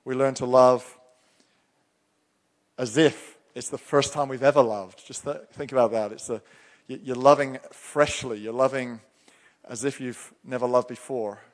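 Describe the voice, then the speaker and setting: A man's voice: mid-range voice, steady tone, unhurried. Guy preaching, emphatic and earnest, sounds like a big echoey church hall. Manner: earnest, emphatic preaching, reads scripture aloud. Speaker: pastor. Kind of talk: sermon. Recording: long hall reverb.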